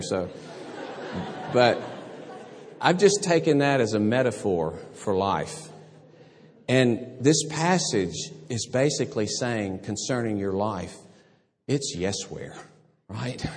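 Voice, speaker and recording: Taking it slowly with long pauses, an older pastor preaches with lively intonation at medium pitch. He tells stories, acts out voices and laughs, against slight background noise and long hall reverb.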